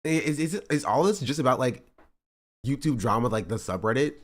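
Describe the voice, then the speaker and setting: Guy streaming, chatting loose and rambly, voice shoots up when he gets heated. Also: fairly quick. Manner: animated, rambling, jumps up in pitch when riled. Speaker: streamer reacting to a podcast clip. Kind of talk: casual live-stream commentary.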